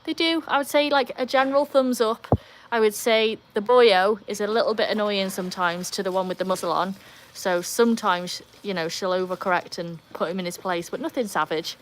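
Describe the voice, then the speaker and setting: A British woman from the UK hosts a casual livestream at home, chatting in an upbeat, rambling way as she reads viewer comments aloud and talks to her dogs. Her voice is medium-pitched, steady, and fairly quick, with slight background noise.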